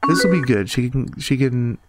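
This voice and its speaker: A man's voice: mid-range voice, animated, normal speed. A man hosting a casual gameplay commentary at his computer, reading chat messages aloud with playful joking asides. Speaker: gameplay host. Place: at a computer, typing on keyboard. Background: loud game music.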